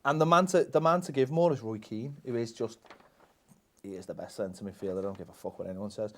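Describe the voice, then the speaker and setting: A man's voice: lowish voice, quick pace. A man talking football as a pundit in a casual chat, blunt and opinionated.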